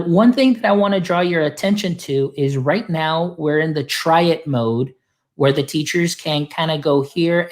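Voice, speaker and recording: Upbeat male educator, casual screen-share demo voice, talky and friendly. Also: on the high side. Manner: upbeat, chatty, lots of filler phrases. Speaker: guest demonstrating software; educator supporting teachers.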